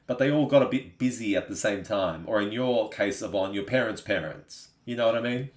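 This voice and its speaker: A man's voice: on the low side, brisk. Laid-back Australian man, echoey room. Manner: chatty, laid-back, says "you know what I mean" often. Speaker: live stream host. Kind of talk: casual live-stream chat reading viewer comments.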